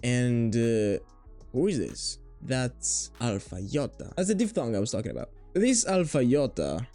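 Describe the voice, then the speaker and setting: Man, playful teacher, animated, light music underneath. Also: medium pitch, measured pace. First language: Greek. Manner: playful, jokey, swears casually. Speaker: language teacher. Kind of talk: casual video lesson.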